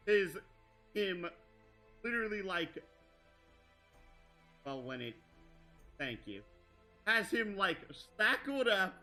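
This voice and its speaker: Man, game master, high voice, very bright tone, slow, rambling narration. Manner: rambling, full of restarts and fillers like "like".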